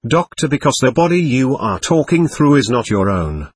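Guy reading a patient doctor type, husky, pitch moves around a lot. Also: normal speed, no room sound. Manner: calm, patient, explaining. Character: calm patient male doctor questioning a spirit.

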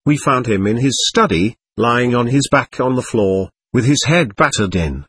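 A man's voice: mid-range voice, expressive, normal speed, a bit bright, husky. Man reading a blunt, factual prosecutor. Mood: grim.

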